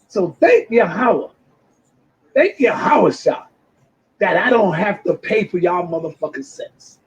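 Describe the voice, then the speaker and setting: High husky man ranting on a lo-fi clip. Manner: brash, swearing, loud outbursts. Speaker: commentator reacting to a video. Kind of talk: profane reaction rant. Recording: dull lo-fi clip audio.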